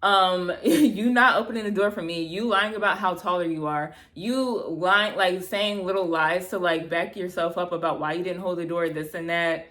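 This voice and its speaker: A woman in her thirties telling a bad-date story to camera, animated and exasperated, acting out both sides of the conversation, with lots of "like" and casual swearing. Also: lowish voice, moderate pace, hardly any pauses. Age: 30s. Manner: heavy filler "like", casual swearing. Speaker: vlogger. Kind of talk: storytime vlog, casual retelling.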